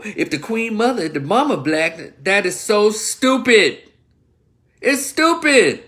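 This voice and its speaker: A man's voice: high voice, bright, forceful tone. Heated man ranting on a livestream. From Memphis, Tennessee. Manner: heated, profane, addresses viewers directly. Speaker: livestream commentator. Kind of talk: livestream opinion rant.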